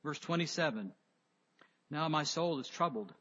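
High bright-voiced man preaching in a hall. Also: expressive, normal speed. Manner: emphatic, rising loud on key words and dropping low on others. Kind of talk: sermon. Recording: dull lo-fi sound with long reverb.

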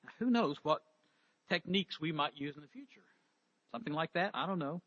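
A man delivers a sermon in a high, bright voice with a husky edge to it. He reads scripture aloud and then explains it, asking questions of his listeners. The recording sounds dull and lo-fi. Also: expressive, brisk. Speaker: preacher.

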